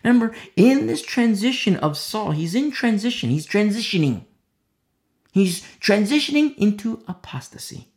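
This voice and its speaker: In a verse-by-verse Bible study sermon, a teacher with a gravelly, slightly mellow voice stresses and repeats key phrases with big pitch swings, sometimes dropping to a whisper. Passages are acted out through quick shifts of voice.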